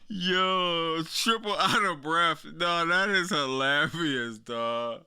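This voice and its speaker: High, bright-voiced man reacting casually. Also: slow, few pauses, clear, resonant tone. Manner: slangy, laughs often, talks to chat. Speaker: streamer reacting to wrestling clips.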